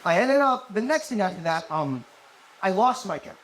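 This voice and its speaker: Young male stand-up comic, high and bouncy voice, swears a lot, cracks himself up, noisy live room. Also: very animated, moderate pace, a bit bright. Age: 20s. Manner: profane, rambling, laughs at own jokes. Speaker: stand-up comedian. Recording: noisy live venue recording.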